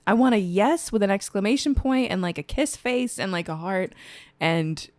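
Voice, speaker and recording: A woman's voice: medium pitch, moderate pace, no room sound. Woman co-host, giggly and chatty, mid voice, dry close sound. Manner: giggly, chatty, swears casually. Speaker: podcast co-host. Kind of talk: casual chat.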